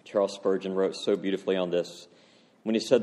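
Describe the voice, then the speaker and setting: A man preaching an earnest sermon as a pastor, swinging from loud emphasis to hushed, quiet phrases. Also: low-pitched, fairly even intonation, brisk. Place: church sanctuary. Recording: long reverb of a church hall.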